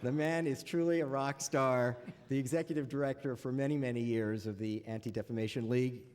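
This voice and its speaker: This panel moderator speaks to an audience in a big lecture hall, the recording echoing around him. His voice sits at medium pitch with a steady, darkish tone and a slightly fast pace. He opens with dry humor and many hesitant "uh"s, slipping wry jokes in among his faltering, filler-laden lines.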